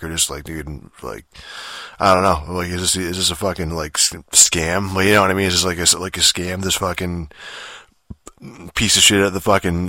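Deep-voiced young man on a rambling rant. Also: sharp tone, no room sound, clean studio sound. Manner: rambling and profane, full of fillers; exasperated and annoyed. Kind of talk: casual rant telling a story.

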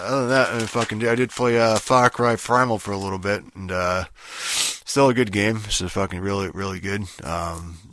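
A man's voice: low-pitched, a bit bright, dry recording, studio quality. A man hosting his own podcast, ranting in a casual, rambling way, swearing constantly and padding with fillers. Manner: profane, rambling, full of fillers. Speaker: podcast host. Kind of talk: casual solo podcast rant.

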